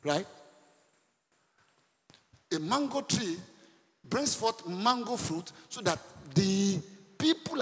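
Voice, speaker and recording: A man preaching a sermon to a congregation, animated, quizzing his listeners and breaking into laughter and loud outbursts. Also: fairly high pitch. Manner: animated preaching, sudden shouts and laughs, asks the congregation questions. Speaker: pastor. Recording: long hall reverb.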